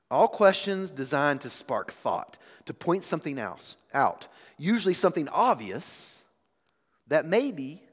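Animated preacher in a reverberant hall. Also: male voice, on the high side. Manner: expressive preaching with dramatic swings in volume. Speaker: pastor. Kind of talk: sermon. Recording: long reverb of a large hall.

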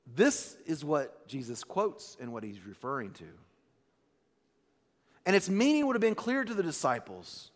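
A man delivers a sermon in a relaxed, chatty manner, repeating words as he gathers his thoughts. His voice sits a little high for a man. The sound carries a long reverb from the church hall. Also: a little slow. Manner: casual, conversational preaching with restarts and "like". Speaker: pastor.

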